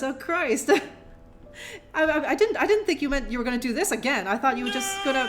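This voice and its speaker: A woman streamer with a high-pitched, fairly bright voice talks at normal speed to her viewers and reads a children's book aloud. A little tipsy, she rambles, laughs a lot and swears playfully in this casual live stream.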